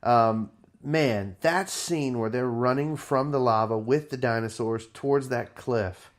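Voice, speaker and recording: A man co-hosting a podcast, casually retelling a film plot in a slangy, relaxed way. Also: medium pitch, measured pace. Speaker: podcast co-host. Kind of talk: casual chat.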